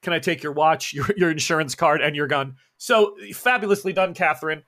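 A man with a bright, fairly high voice narrates a tabletop horror game as its game master. He describes the chaos in a steady way and slips in jokes and laughs. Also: brisk. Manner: laughing, joking asides.

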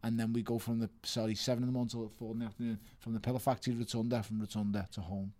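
A man tells his stories with big energy, laughing and bursting into shouted quotes. His voice sits in a middle register. It is recorded close and dry, with no room sound. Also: mid-range voice, flat delivery, rapid-fire, no echo. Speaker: guest boxer. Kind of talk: podcast storytelling.

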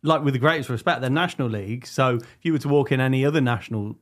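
A man's voice: mid-range voice, fast talker. A man co-hosting a podcast, asking questions in casual chat. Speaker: podcast co-host.

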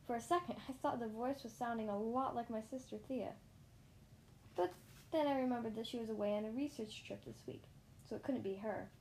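A woman narrating a children's story in the first person, lively, with small slips and restarts. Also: fairly high pitch, fairly quick, slight background noise. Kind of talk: reading a children's story aloud.

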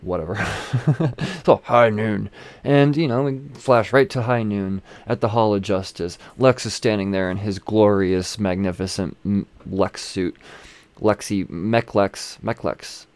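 A man's voice: fairly low pitch, a little slow, a little mellow, no room sound. A man casually recapping a comic issue, rambling, swearing freely and chuckling as he goes. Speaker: comic book reviewer.

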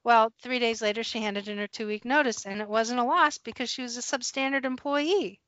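Brief: higher-voiced woman, guest storyteller, animated and laughing, dull dry recording. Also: a little fast, dry recording. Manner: animated, laughs through her story, acts out dialogue. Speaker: guest recalling past work as a retail manager. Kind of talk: casual storytelling on a podcast.

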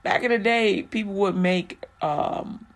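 A woman's voice: mid-range voice, unhurried. A woman teaching a Bible passage in a casual, frank and joking way, with lots of fillers.

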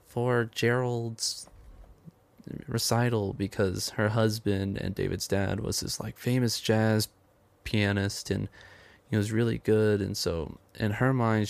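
A man with a low, gravelly voice walks through a movie's story in a rambling, offhand way. The sound is dry and close. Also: darkish tone, no room sound. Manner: rambling storytelling, quotes characters with "he's like". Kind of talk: casual film plot recap.

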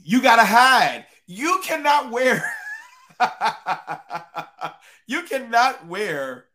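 A man with a fairly high-pitched voice hosts a live-streamed podcast. He talks emphatically, repeating lines for stress and breaking off to greet viewers in the chat. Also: very animated, very slow, sharp tone. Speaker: podcast host. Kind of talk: live-streamed commentary talk.

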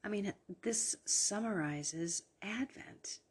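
A woman hosting a devotional podcast in a hushed late-night whisper, tired but earnest and encouraging. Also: mid-range voice, slow, husky. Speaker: podcast host. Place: downstairs at home at night.

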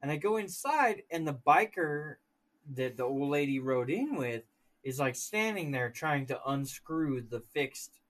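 A man co-hosting a podcast, telling a story in an animated way and swearing freely. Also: fairly high pitch, a little slow. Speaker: podcast co-host. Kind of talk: casual chat, storytelling.

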